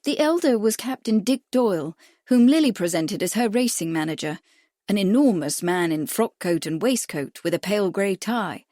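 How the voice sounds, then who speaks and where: A woman reads a mystery novel aloud in a steady, measured storytelling voice. Her pitch sits in the ordinary middle range, and the recording is close and completely dry, with no room sound at all. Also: no echo. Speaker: audiobook narrator. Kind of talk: scripted narration.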